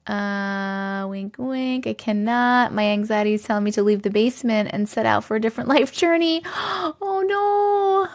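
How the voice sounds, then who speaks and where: Speaking at a moderate pace with few pauses, this woman has a fairly high voice. She's running a livestream from her basement on an ordinary mic, chatting easily, laughing often, and reading out comments with thanks to her viewers.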